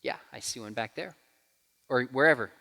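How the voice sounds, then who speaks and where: A man's voice: medium pitch, normal speed, creaky. A man in his forties giving a church talk with questions, telling stories and acting out quotes with energy. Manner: animated storyteller who acts out quotes. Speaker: guest speaker. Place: church hall. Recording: hall reverb.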